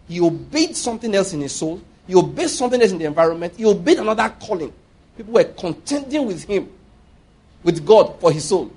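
A man's voice: high-pitched, a little mellow, breathy edge. A man preaching a sermon, emphatic and often asking his listeners rhetorical questions.

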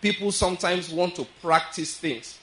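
A pastor's sermon from a man with a voice a little higher than most. He lingers over each verse he reads and keeps asking the congregation whether they are following him. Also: fairly bright tone, low-quality recording. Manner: checks in often with the listeners; reads scripture aloud slowly with stress.

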